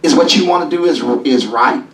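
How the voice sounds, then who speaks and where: A man preaching a sermon as bishop in a church, folksy and call-and-response, rising now and then into shouts. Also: fairly high pitch, a little fast, slight background noise. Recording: echoey church from a distance.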